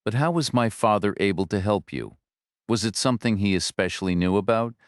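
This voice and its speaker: A man's voice: fairly low pitch, animated, fairly quick, no echo, studio quality, close to an everyday voice. A man voicing a persistent young woman lawyer who presses with polite questions. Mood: earnest.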